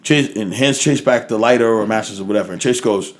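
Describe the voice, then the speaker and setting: A man's voice: medium pitch, brisk, hardly any pauses. A man with an American accent, co-hosting a podcast and telling a story among friends, acting out every person in it with lots of slang and swearing. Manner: animated, acts out the people in his story, heavy slang, swears a lot. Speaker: podcast co-host.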